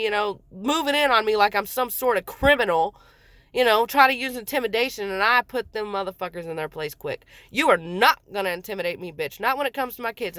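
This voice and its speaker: A woman's voice: fairly high pitch, a bit bright, no room sound. A woman in her forties telling her own story in a heated, blunt way, swearing often and acting out what others said. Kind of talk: angry personal storytelling.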